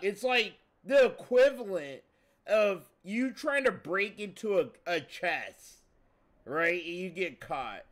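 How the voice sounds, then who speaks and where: A man commenting on a gameplay video in casual, profane chat, excitable and swearing often. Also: extremely high pitch. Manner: excitable, swears a lot, says bro often. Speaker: streamer reacting to a gameplay video.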